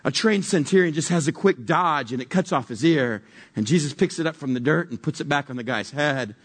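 Husky-voiced man preaching a story sermon. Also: a little high, brisk. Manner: wondering, conversational with jokes.

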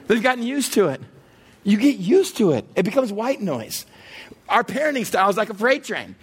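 Pastor, male, high and very lively delivery; playful, acts out scenes, asks the crowd questions. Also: normal speed, breathy edge. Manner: animated, acts out everyday scenes with humor; talks straight to the audience with questions. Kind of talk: sermon.

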